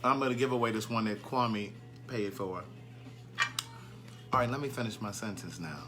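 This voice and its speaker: A man's voice: fairly low pitch, moderate pace, music in the background. A man hosting a casual live stream, chatting and greeting viewers by name, and easily sidetracked.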